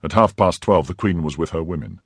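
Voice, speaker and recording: A man doing a brisk, loyal count. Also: low-pitched, expressive, slightly rough, no echo, exaggerated voice. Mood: confiding. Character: loyal male count, eager agent, brisk.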